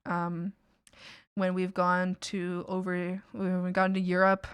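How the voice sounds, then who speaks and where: A woman's voice: lowish voice, monotone, takes it slowly, clean tone, no room sound, clean studio sound. A Canadian woman streamer chatting casually while she draws, laughing often and swearing casually, with some playful scolding.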